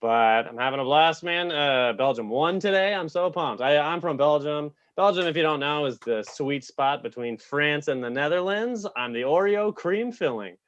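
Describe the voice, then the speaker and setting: A man's voice: fairly high pitch, lively intonation, moderate pace, few pauses, fairly bright tone, no room sound. A man from Canada doing a stand-up set at an online open mic, with a loose, chuckling delivery and mocking put-on voices. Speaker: stand-up comedian. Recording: dull, muffled sound.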